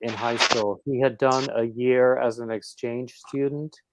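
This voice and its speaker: A man's voice: medium pitch, fairly even intonation, a little slow, noisy background. A middle-aged man hosting a casual livestream chat, telling stories in a chatty way over a computer mic at home. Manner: chatty storyteller. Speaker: host.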